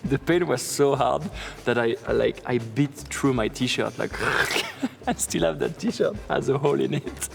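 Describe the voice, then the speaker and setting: A man in his thirties with a French accent, telling a personal story in a lively way, laughing often and acting out what others said. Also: mid-range voice, unhurried, gravelly, hardly any pauses, over music. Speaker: BMX rider telling a story.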